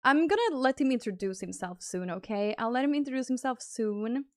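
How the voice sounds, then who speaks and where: High-voiced woman streamer chatting casually. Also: a little fast, dry recording, clean studio sound. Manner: chatty, thinks aloud while fiddling with stream settings; bursts into high excited thanks for gifted subs. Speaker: livestream host. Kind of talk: casual live-stream chat.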